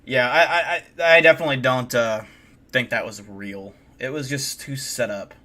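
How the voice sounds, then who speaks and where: A man's voice: medium pitch, moderate pace, sharp tone. A man hosting a live stream, reacting to a video in a ranting, profane, incredulous way. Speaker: streamer host.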